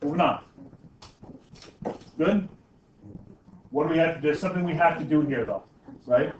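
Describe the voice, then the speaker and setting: A man's voice: a little high, moderate pace, far from the mic, slight background noise. A man teaching a math class, joking with students and checking in with "okay?" and "right?" after almost every step. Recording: echoey, dull classroom recording from afar.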